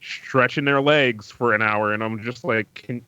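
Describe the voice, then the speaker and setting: A man's voice: medium pitch, unhurried, bright, forceful tone, clean tone, highs cut off. A man in casual podcast chat, telling exasperated, swear-filled stories about his customer-service job. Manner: exasperated storytelling, swears freely. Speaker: podcast guest.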